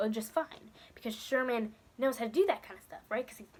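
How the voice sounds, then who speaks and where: A woman's voice: on the high side, moderate pace, breathy edge. A young woman ranting on a casual vlog, emphatic and exasperated, who repeats her points for effect. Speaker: vlogger. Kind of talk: casual vlog rant about a film.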